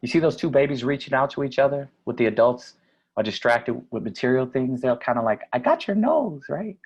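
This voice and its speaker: A man giving a conference keynote speech, energetic and asking the audience questions. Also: mid-range voice, a little fast, lo-fi sound. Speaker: keynote speaker.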